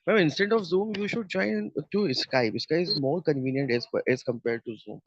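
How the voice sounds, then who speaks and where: A man's voice: a little high, animated, normal speed, no echo. Indian guy stumbling through english on a muffled video call, dry sound. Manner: hesitant, restarts sentences, calls teacher ma'am. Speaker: student, journalist.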